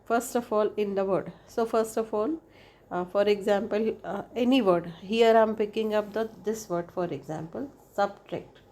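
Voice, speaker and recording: A woman's voice: medium pitch, normal speed, warm tone. A woman teaching an English lesson, explaining step by step, repeating her points and checking in with "right?" as she goes. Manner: repeats points, spells out vowels one by one; frequent "right?" checks with the listener.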